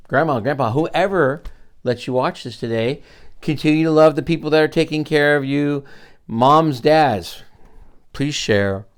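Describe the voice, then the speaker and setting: A man's voice: a little high, smooth. An older man reading a picture book aloud to children, adding encouraging asides to his young listeners. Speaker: grandfather storyteller.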